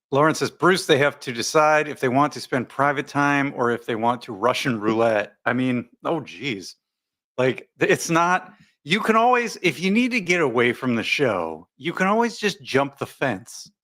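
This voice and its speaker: On a laid-back live stream, the male host goes through viewer comments, rambling and laughing often as he chats. He has a mid-range voice with a fairly bright tone.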